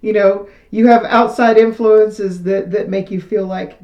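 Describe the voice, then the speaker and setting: A woman doing a casual tarot reading, chatty and self-deprecating, her voice still a little hoarse after losing it. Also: medium pitch, steady tone, a little slow, warm tone, roomy sound, dull audio. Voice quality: slightly hoarse, recovering from lost voice. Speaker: tarot reader. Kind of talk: casual tarot reading, reading card texts aloud.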